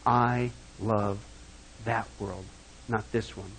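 A male pastor preaching a sermon, swinging from loud, emphatic passages down to low, hushed asides. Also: steady tone, slow pace, slight background noise, rough recording.

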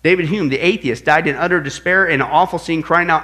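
A man preaching an apologetics lesson in an animated way, dropping low for stories and rising loud for quoted voices. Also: fast talker, hardly any pauses. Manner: animated, shifts between loud quoted outbursts and low hushed storytelling. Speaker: pastor teaching apologetics. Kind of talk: sermon-style teaching.

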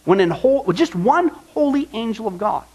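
A man's voice: sits high, animated, brisk, darkish tone, slightly rough, rough recording. A male pastor preaching a sermon, asking the congregation rhetorical questions and acting out the complaints of the people he quotes.

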